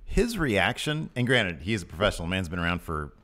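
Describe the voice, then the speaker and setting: A man co-hosting a podcast, chatting casually about wrestling and jumping up high when he quotes people. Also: fairly quick. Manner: animated, jumps up in pitch when quoting people. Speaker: podcast co-host. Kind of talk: casual wrestling recap chat.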